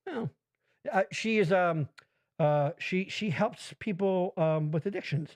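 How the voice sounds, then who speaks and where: A man hosting a podcast in casual chat, rambling and profane, telling stories with lively put-on voices. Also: sits high, a little slow. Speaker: podcast host.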